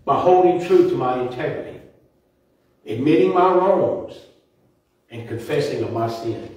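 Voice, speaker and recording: A man delivers a devotional talk in a church, earnest and a little halting, often restarting his thoughts. His voice sits somewhat high for a man. The mic is well away from him, so a strong church echo hangs on every phrase. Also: expressive, darkish tone, muffled recording. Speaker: church speaker. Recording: echoey church room, mic far off.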